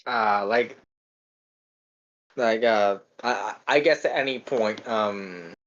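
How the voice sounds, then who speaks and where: A man's voice: on the low side, slow pace, a bit bright, muffled recording. Rambling man with stammered restarts. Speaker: podcast co-host. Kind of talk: casual film review chat.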